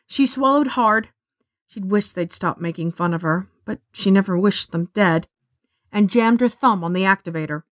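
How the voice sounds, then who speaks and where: A woman reading a science fiction story aloud as narrator, in a steady storytelling voice on a close studio mic. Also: medium pitch, moderate pace, no echo. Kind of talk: scripted narration.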